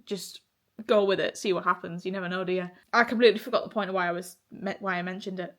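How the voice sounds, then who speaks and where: A woman's voice: lowish voice, fairly even intonation, fast, fairly bright tone. A young woman from the of England talking casually to camera in a weekly vlog, chatty and open, swearing freely and laughing often. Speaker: vlogger.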